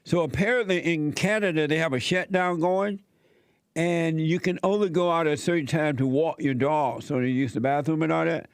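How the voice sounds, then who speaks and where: A man's voice: a little high, normal speed, clean tone, dry recording, clean studio sound. A man filling in as host of a call-in talk show, reading a news story and giving blunt, opinionated commentary in plainspoken, casual grammar.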